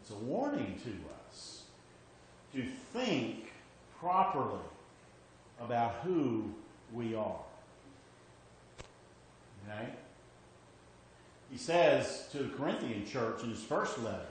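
A man's voice: medium pitch, very animated, slow pace, pauses often, slight background noise. A man preaching a sermon, emphatic, repeating his points and often checking in with "okay?". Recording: very echoey hall with faint ambience.

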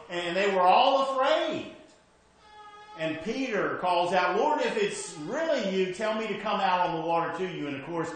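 A man preaching a conversational sermon as pastor, shifting from emphatic to hushed, with frequent restarts. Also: high voice, heavy reverb, low-quality recording.

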